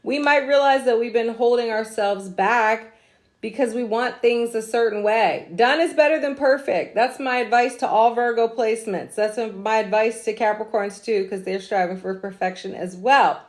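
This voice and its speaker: A woman's voice: on the high side, moderate pace. A woman hosting a casual astrology livestream, chatty and slangy, drifting into asides and laughing at herself. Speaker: astrology host.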